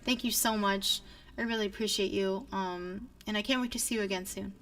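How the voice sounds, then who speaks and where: A bright-toned young woman chats with her stream audience in a loose, rambling way, full of fillers. She sits a little back from the microphone, and a quiet bed of music plays under her voice. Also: medium pitch, steady tone, brisk, no echo, far from the mic. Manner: rambling, many fillers, chatty with viewers. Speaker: singer-songwriter streamer. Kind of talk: casual livestream chat.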